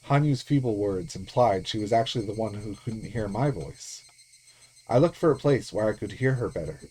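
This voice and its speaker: A man's voice: fairly low pitch, moderate pace, slightly rough. A man streaming himself reading a visual novel aloud, narrating in first person. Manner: steady storytelling read-aloud.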